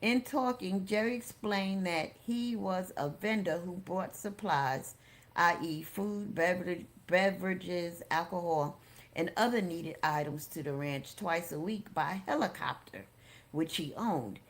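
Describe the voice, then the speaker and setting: A woman reading a memoir aloud as an audiobook, steady and unhurried. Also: on the low side. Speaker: audiobook reader.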